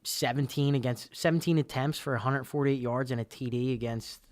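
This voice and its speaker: A man's voice: medium pitch, fairly even intonation, a little fast. A man co-hosting a casual sports podcast, rambling and stumbling over his words, swearing now and then. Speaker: podcast co-host.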